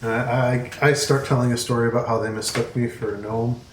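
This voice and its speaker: A man's voice: medium pitch, fairly even intonation, brisk, reverberant, distant mic, background noise. A man playing in a tabletop game, speaking casually with some hesitation. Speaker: player. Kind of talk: tabletop role-play.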